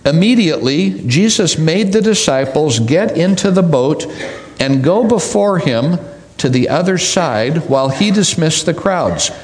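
A man preaching a sermon, reading scripture aloud and expanding on it with deliberate pauses and repetition. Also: on the high side, expressive, darkish tone, a little hiss or hum.

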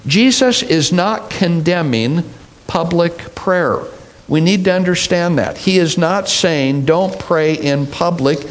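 A middle-aged man preaching a sermon, teaching in an unhurried, deliberate way. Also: fairly high pitch. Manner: slow, deliberate preaching with mimicked voices. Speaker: pastor.

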